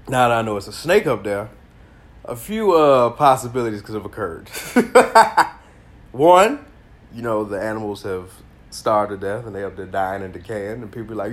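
Animated, slangy man, congested. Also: lowish voice. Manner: animated storytelling, slangy and profane, bursts of laughter. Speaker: podcast host. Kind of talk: casual solo podcast monologue.

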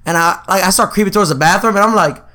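A man's voice: high voice, rapid-fire. A young man in his twenties, co-hosting a podcast, telling casual stories with frequent laughs and acted-out quotes. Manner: laughs often, animated storytelling with quoted voices. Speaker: podcast co-host. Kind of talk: casual storytelling chat.

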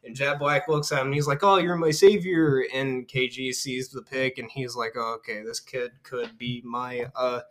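Casting: podcast host, man, mid-pitched, loose rambling plot recap with offhand character voices. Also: flat delivery, sharp tone. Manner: rambling, lots of fillers, quotes characters in quick voices. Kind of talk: casual movie recap.

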